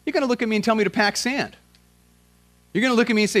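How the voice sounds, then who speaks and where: A man preaching a sermon as a pastor, in a casual, slangy way, swinging from loud emphatic questions to quiet, earnest prayer. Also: extremely high pitch, animated, fast, pauses often.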